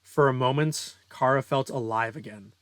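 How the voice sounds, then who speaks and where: A man's voice: medium pitch, normal speed, a bit bright, no echo. Casual young man reading his own story. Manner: casual, self-deprecating asides with fillers. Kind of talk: casual story read-through with commentary.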